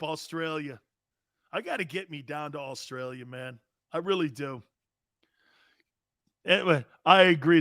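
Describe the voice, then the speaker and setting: A man's voice: fairly high pitch, a bit bright, no echo, clean studio sound. A brash, boastful middle-aged man hosting a sports talk show, chatting casually and reading out viewer comments. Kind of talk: casual live-stream talk, reading chat.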